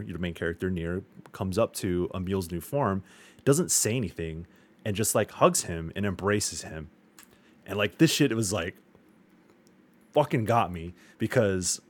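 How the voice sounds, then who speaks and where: A man with a very low, deep voice talking on a podcast microphone. He rambles enthusiastically through a game discussion, restarting sentences and swearing casually. The tone stays loose and conversational. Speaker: podcast co-host.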